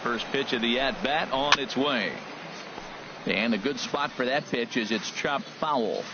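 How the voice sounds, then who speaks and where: A man doing play-by-play for a baseball video game, calling each pitch and play in a brisk, crisp manner. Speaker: play-by-play announcer. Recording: muffled game audio with background noise.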